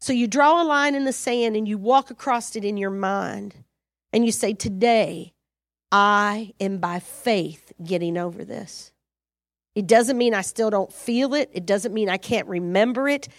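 A woman preaching a sermon, animated and exhorting, acting out her own prayers and conversations with sudden loud rises. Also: on the high side, moderate pace, no echo, clean studio sound.

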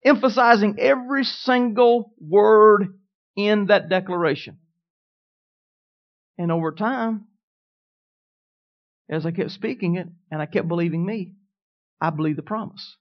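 With a mid-range voice and a measured pace, a preacher delivers his sermon, pausing often. He restates declarations with growing emphasis and questions the congregation; the sound is dull and lo-fi.

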